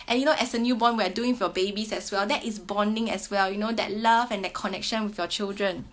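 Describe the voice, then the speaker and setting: A woman's voice: mid-range voice, fairly even intonation, a little fast. A woman in her thirties chatting casually to camera about reading with children, sing-song and teacher-like, often ending sentences with "right?". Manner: chatty, ends many sentences with a questioning "right?". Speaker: parent sharing reading tips. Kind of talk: casual explanatory talk to camera.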